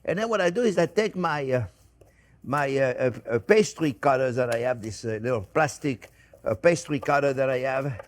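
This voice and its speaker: An older cooking show host with a French accent demonstrates a recipe in a kitchen, speaking at a moderate pace in a mid-range voice. It's a casual demonstration: he's chatty, repeats himself, and keeps calling his viewers friends.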